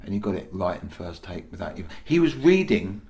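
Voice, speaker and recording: Comedian guest, male, low-ish voice, lively storyteller who acts out lines; roomy recording. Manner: animated storytelling, quick to act out voices. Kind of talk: casual podcast interview. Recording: echoey room.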